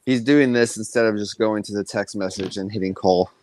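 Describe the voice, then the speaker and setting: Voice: mid-range voice, brisk, a little mellow, no echo. A podcast co-host chatting casually and sounding amused. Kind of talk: casual chat.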